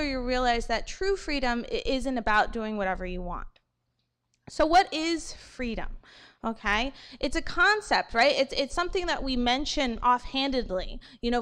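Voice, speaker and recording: A woman from New giving a morning assembly talk to students, animated and checking in with "okay?" and "right?" after her points. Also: high-pitched, clear, resonant tone. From New York. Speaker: school assembly speaker.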